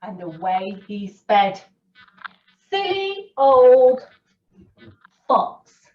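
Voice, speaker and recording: Yoga teacher lady reading a kids story, slow and singy, high voice, kinda muffled. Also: roomy sound, recorded from a distance. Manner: slow, expressive and sing-song. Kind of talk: storytelling for a kids' yoga class.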